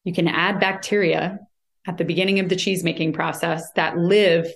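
A woman's voice: fairly low pitch, fairly even intonation, normal speed, gravelly. An American woman who writes about cheese, explaining at length in a conversational interview, with many fillers and restarts. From United States.

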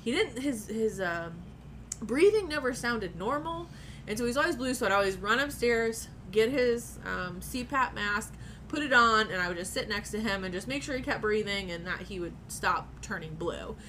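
A woman's voice: a little high, expressive, normal speed, fairly bright tone, a little hiss or hum. A woman telling a personal story in casual chat, candid and profane, often laughing as she talks.

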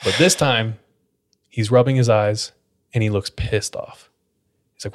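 A man's voice: lowish voice, fairly even intonation, a little slow. A man hosting a podcast, casually retelling a spooky story, leaning on "like" as he talks. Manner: casual, filler-heavy retelling with frequent "like". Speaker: podcast host.

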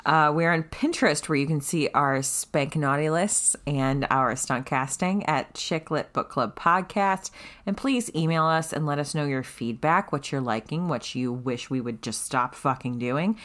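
Low voiced woman podcaster, dry wry delivery, casual chat. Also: a little slow, fairly bright tone. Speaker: podcast co-host.

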